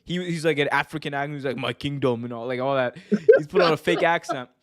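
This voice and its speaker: Male podcast co-host, casual slangy chat, animated delivery with lots of laughs, slightly high voice. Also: fast.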